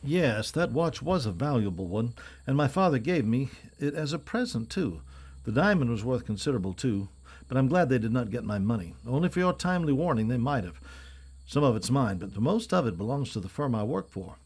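Man doing a foppish young dandy, affected, prissy, refined, slightly raised pitch, audiobook. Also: very animated, fairly quick, darkish tone, breathy edge. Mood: chatty. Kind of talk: audiobook character reading.

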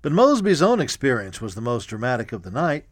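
A man reading a history audiobook in a measured, even storytelling manner. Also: mid-range voice, no echo, clean studio sound. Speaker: narrator. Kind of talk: scripted audiobook narration.

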